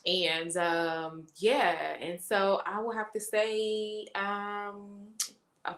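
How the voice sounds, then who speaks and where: A woman co-host in casual chat, telling a story with lively quoted voices. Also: lowish voice.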